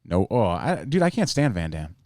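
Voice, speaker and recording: A man's voice: low voice, sing-song, moderate pace, darkish tone, no room sound, clean studio sound. A man co-hosting a casual podcast, blunt and opinionated, swearing heavily. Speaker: podcast co-host.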